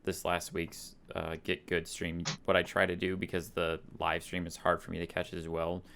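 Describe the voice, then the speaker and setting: A man chatting casually on a podcast in a soft-spoken, low-key way. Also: monotone, normal speed, vocal fry, slight background noise. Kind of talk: casual chat.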